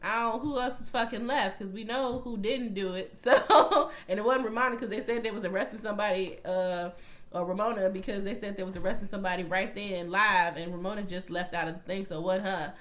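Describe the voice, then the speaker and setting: A woman's voice: mid-range voice, a little fast. A young woman casually recapping a TV episode, blunt and profane, retelling scenes and quoting lines as she goes. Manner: profane, blunt, animated storytelling with acted-out quotes. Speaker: TV recap vlogger.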